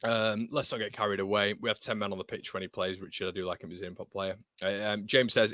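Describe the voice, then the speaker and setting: A lively young man from England hosts a football watchalong stream, chatting fast and reading viewer messages. His voice sits fairly low but sounds bright and forceful. The sound is close and dry, with little room echo. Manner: excitable, swears, calls viewers mate. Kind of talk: live stream chat reading viewer comments.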